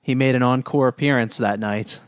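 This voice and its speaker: A podcast co-host with a mid-range, resonant voice speaks at a moderate pace and sounds clear. He steers the topics of a casual chat in a laid-back, matter-of-fact way, and the recording is dry with clean studio sound.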